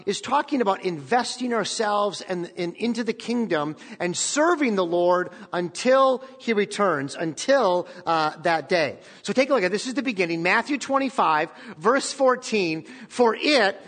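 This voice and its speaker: A man's voice: high voice, expressive, moderate pace, few pauses, a bit bright. A man preaching a sermon as pastor, talking conversationally and often checking in with the congregation. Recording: long reverb of a large hall.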